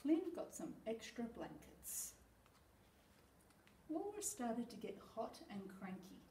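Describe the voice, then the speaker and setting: A woman teacher reads a picture book aloud with lively, slow expression. Her voice is mellow and fairly high. It is recorded from a distance in an echoey room with faint background noise. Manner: expressive storytelling.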